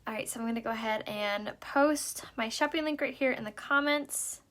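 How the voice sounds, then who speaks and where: A woman's voice: fairly high pitch, moderate pace, a bit bright. A middle-aged woman hosting a casual makeup live stream, bubbly and chatty but tired from a late night. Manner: bubbly, chatty, greets viewers. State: tired, yawning.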